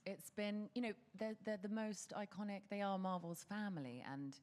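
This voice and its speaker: An English woman speaking thoughtfully in a live event interview, pausing to find her words. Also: medium pitch, a little mellow. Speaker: film actor at a premiere.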